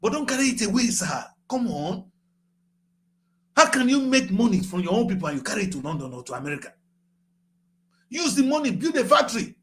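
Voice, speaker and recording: Nigerian guy ranting about politics, high voice, gets loud and repeats himself. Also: sing-song, a little fast, pauses often. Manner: fiery, repetitive, rising to shouts. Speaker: current affairs show host. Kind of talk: passionate political commentary.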